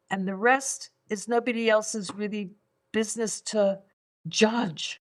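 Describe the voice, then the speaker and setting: Taking her time, the older woman from England speaks in a mid-range voice with fairly even intonation. She is a five element acupuncturist appearing as a guest on a conversational podcast, musing reflectively and repeating words as she searches.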